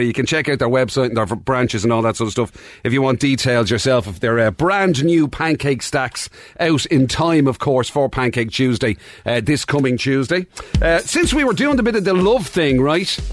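Lively Irish man, chatty radio host. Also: medium pitch, a little fast. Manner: chatty, reads sponsor plugs. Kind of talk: casual radio chat. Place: radio studio.

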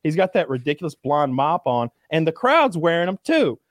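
A young man chatting casually, telling excited stories, swearing and acting out crowd cheers. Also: a little high, normal speed, no echo, clean studio sound. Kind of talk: casual chat.

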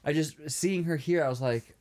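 A man's voice: on the high side, moderate pace, a little mellow. A man co-hosting a casual podcast, chiming in with short, agreeable remarks while they recap a film. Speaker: podcast co-host. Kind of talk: casual movie-recap chat.

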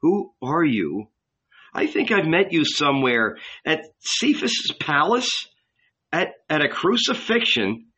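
A man's voice: on the high side, sing-song, slow, sharp tone, husky, voice pushed up, full character voice. A man voicing a weary older man who speaks earnestly and ruefully of his own youth. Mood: bewildered. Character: weary older man who once tried to save the world. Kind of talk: audiobook reading.

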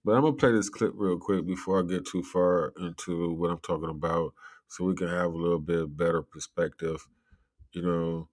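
Man rambling casual commentary, lowish voice. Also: fairly even intonation, moderate pace, darkish tone. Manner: loose and rambling, laughing often and swearing freely. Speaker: commentary vlogger.

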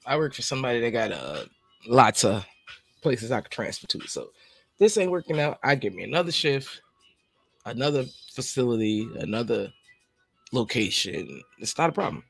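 A man's voice: medium pitch, moderate pace, creaky, slightly rough, dry recording, faint music behind. A man, hosting his podcast in a casual monologue. He rambles, jokes and laughs as he talks. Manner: laughing, joking, rambling, lively. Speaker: podcast host.

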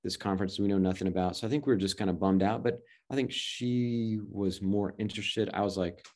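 A man's voice: lowish voice, steady tone, fairly quick, darkish tone. A man in his thirties telling a personal story in casual chat, rambling with restarts and acted-out quotes. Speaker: guest adoptive father.

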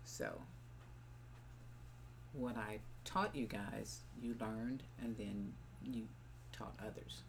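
Slow and reflective with long pauses, an older mother speaks in a rumbling low voice with vocal fry as a guest on a family podcast. In loose, meandering family chat, she tells stories about bringing up her children, and a faint hiss or hum is audible.

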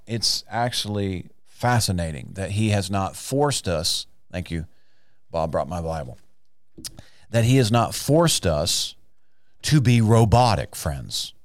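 Guy preaching on a podcast, lowish voice, dry studio sound, lots of rhetorical questions. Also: dry recording. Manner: emphatic, with rhetorical questions and drawn-out words. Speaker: podcast Bible teacher. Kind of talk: sermon-style teaching podcast.

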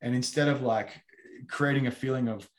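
A man with an Australian accent talks in a casual discussion, animated and full of filler words as he tells stories. His voice is mid-pitched and bounces around a roomy, echoing space. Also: normal speed. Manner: animated storytelling with many fillers.

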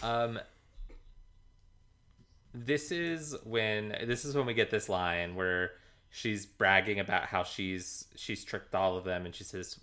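A man's voice: low voice, steady tone, sharp tone. A man co-hosting a casual podcast, talking in a hesitant way with many ums and chuckles. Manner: slow, hesitant, full of ums and laughs. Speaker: podcast co-host. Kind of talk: casual rewatch podcast chat.

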